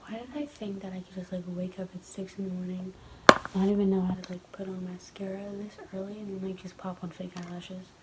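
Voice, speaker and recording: A teenage girl filming a get-ready-with-me vlog, talking in a rushed, chatty way and often half-whispering. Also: little pitch movement. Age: teens. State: out of breath. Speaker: vlogger. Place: home, early morning. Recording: low audio with loud background noise.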